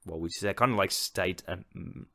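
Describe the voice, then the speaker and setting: A Finnish-accented man co-hosts a relaxed podcast chat, his voice on the low side. He delivers his jokes deadpan, between easygoing remarks. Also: fairly quick, creaky. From Finland. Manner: deadpan joking. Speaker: podcast co-host. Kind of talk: casual chat.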